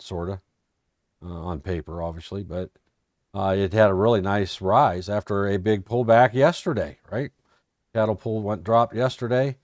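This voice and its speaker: An American trading educator gives a casual, folksy live-stream recap of his trading day, joking and thinking aloud as he looks over charts. His voice sits low with a darkish tone, in a studio-quality recording with no echo.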